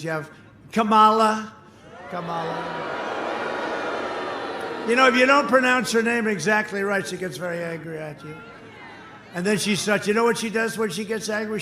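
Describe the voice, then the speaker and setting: A man in his seventies giving a boastful, repetitive rally speech that swings between shouts and low asides. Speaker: political candidate at a rally. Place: outdoor rally crowd. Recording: echoey open-air PA sound, faint crowd noise.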